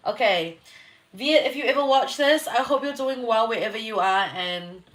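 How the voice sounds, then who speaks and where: A woman's voice: a little high, normal speed, fairly bright tone. Giggly chatty New woman streaming. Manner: chatty, giggly, swears, reacts to viewer comments. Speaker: astrologer hosting a live reading. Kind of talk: casual livestream chat.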